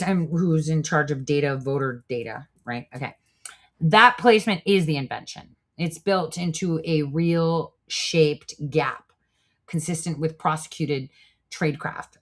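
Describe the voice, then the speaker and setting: A woman with a low voice hosts a live-streamed commentary show. She is blunt and swears freely, cutting her reading with asides to the chat. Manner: blunt, profane, talks back to live chat. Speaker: show host.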